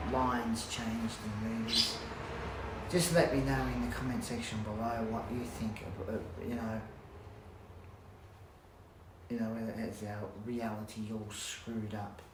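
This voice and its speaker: Rambling man in an echoey room. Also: lowish voice. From Australia. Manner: rambling, halting restarts, blunt swearing. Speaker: vlogger. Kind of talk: casual rant to camera. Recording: roomy echo, faint background hum.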